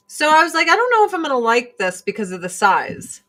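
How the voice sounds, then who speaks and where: A woman in her forties hosting a livestream, talking in a fairly high, bright, forceful voice. She rants with a lot of swearing and drops into mocking voices to mimic people. Her manner stays loose, blunt and animated. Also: brisk. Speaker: livestream host selling products. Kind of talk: casual livestream rant.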